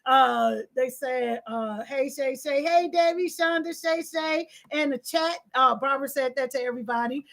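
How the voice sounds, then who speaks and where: A middle-aged woman talks on a live stream, animated and preachy. Her voice sits high and bright, and she reads the chat between bursts of laughter and shouting. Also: moderate pace, vocal fry, hardly any pauses.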